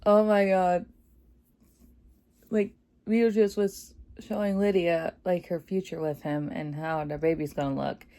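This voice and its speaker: A woman giving a casual, excited movie review, chatty and full of fillers, laughing often. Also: lowish voice, measured pace. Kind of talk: casual spoiler review vlog.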